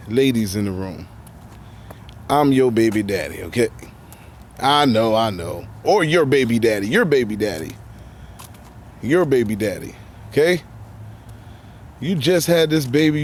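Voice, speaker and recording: A man's voice: medium pitch, a little hiss or hum. Blunt, heavily cursing man ranting. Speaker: live streamer reacting to a video clip. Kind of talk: unscripted reaction commentary.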